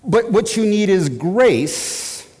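A man teaching church history in a lecture, animated, often repeating words and asking his listeners questions. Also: sits high, slow pace, breathy edge. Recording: long hall reverb.

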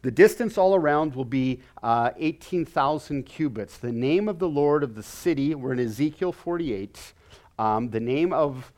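A man's voice: medium pitch, expressive, moderate pace, a little mellow. A man teaching a Bible lesson in an earnest way, often stammering and repeating words as he explains.

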